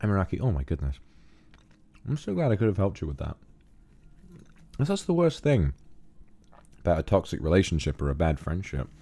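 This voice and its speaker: A man's voice: sits low, huge pitch swings, a little fast, long pauses, mellow. A man chatting casually on a livestream, reading viewer donations and calling them darling. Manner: affectionate, calls viewers darling.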